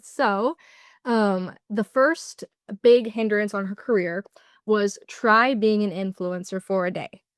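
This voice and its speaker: A woman's voice: mid-range voice, fairly even intonation, slow, clear, resonant tone, no room sound, clean studio sound. A young woman giving a casual class presentation, explaining with lots of fillers. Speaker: student presenter.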